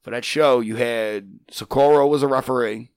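A man's voice: medium pitch, normal speed, clean tone, dry recording. A middle-aged man telling stories in a casual chat, acting out dialogue in different voices. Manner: animated, acts out dialogue in quoted voices. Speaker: wrestling trainer, guest. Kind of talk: casual storytelling.

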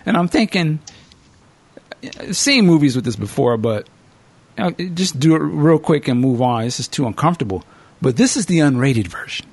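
A male podcast host telling a movie plot in a lively, sing-song voice that swoops up and down, sitting slightly high for a man. He acts out the characters as he goes, and the sound is dry and close. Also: normal speed, creaky, husky, dry recording. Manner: animated storyteller, acts out characters. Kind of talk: casual movie recap.

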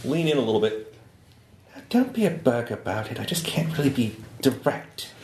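A player at a tabletop game, musing through their moves in low-key asides. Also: sing-song, moderate pace, roomy sound, background noise.

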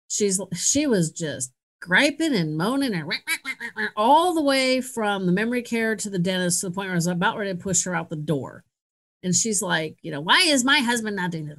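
A middle-aged woman hosts a podcast, telling a story casually and candidly, laughing often and poking fun at herself. Her voice is medium-pitched and a bit bright.

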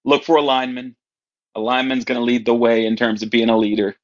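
A man who coaches high school football, a podcast guest telling wry anecdotes and acting out his players' voices. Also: fairly even intonation, fast, highs cut off. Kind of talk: casual storytelling chat.

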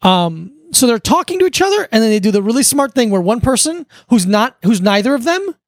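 Casting: male podcast co-host, bouncy lively delivery, dry close sound, loose and swearing. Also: very high-pitched, a little fast, no room sound. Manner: animated, swearing, retelling movie scenes. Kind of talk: casual chat.

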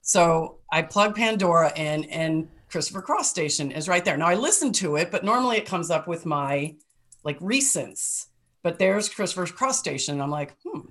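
A middle-aged woman with a fairly low voice shares personal stories on a podcast. She talks casually and emotionally, breaking into laughter and dropping the odd mild curse. Her storytelling is loose and animated. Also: normal speed. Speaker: podcast co-host.

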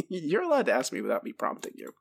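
A man rants through a casual podcast chat, exasperated and wound up. His pitch swings widely as he talks, leaping high and dropping low. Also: fast, gravelly, breathy edge. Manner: exasperated, ranting, animated. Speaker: podcast co-host.

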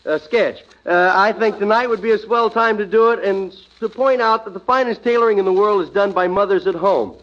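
High-voiced chuckling radio comedian. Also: male voice, brisk, few pauses, a bit bright. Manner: chatty, chuckling, stumbling over words. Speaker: comedian host. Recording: noisy, dull old radio broadcast.

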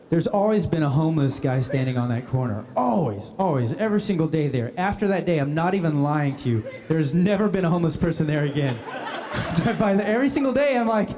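A man telling a funny personal anecdote, animated and often laughing as he speaks. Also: sits high. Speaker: guest storyteller. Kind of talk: comic anecdote.

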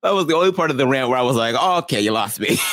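Animated man teasing, dry close sound. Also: mid-range voice, fairly quick, no room sound. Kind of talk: reality show recap chat.

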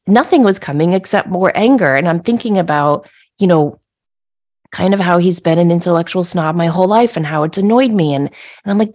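Podcast host, middle-aged woman, lower voice, animated conversational storyteller. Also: fairly quick. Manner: animated, acts out her own yelling with laughs.

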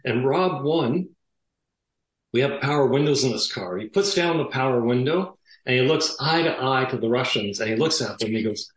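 A man, a former police detective, telling an animated story with lots of fillers and laughs. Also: medium pitch, normal speed, echoey room, poor audio. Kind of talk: conversational storytelling.

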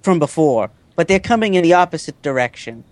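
A man running a tabletop role-playing game as game master, describing scenes in halting, restarting narration. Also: a little high, expressive, no room sound.

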